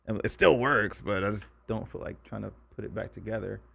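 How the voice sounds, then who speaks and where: A man's voice: fairly low pitch, fairly quick, vocal fry, bright, forceful tone. A young man co-hosting a podcast, telling stories in casual chat, swearing and laughing often. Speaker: podcast co-host.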